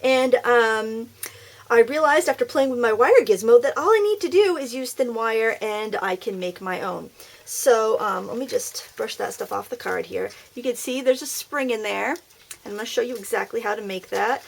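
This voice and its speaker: A woman's voice: a little high, moderate pace, vocal fry, a little hiss or hum. A woman hosting a casual craft tutorial at her craft table, chatty, upbeat and self-deprecating. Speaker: craft video host.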